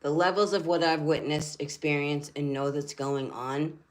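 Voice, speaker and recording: A woman's voice: low voice, fairly even intonation, normal speed. An older woman hosting a spiritual channel who talks earnestly in a rambling way and repeats her phrases. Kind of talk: casual livestream talk.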